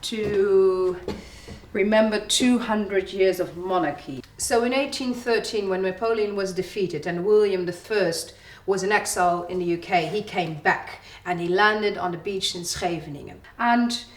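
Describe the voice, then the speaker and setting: A woman's voice: mid-range voice, measured pace. A woman from the Netherlands, telling history in a chatty, storytelling way as a distillery guide. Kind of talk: explaining history to visitors. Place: echoey distillery room. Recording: echoey room with faint background hum.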